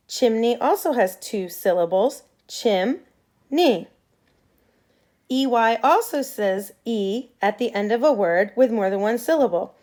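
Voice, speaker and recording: A woman teacher giving a patient phonics lesson to young students, modeling sounds clearly for them to repeat. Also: fairly high pitch, a little mellow.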